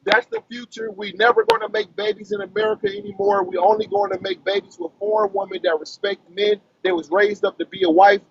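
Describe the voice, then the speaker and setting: Gravelly man ranting in wild swings. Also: sing-song, fairly quick, hardly any pauses, highs cut off. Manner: emphatic, preachy, swings high and low. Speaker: panelist on a live audio discussion. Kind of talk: heated ranting.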